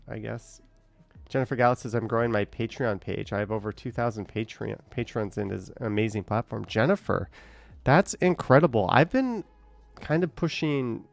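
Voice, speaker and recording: A man's voice: mid-range voice, vocal fry. A man casually chatting on a live stream, reading out viewer comments and rambling with a hesitant, trailing-off manner.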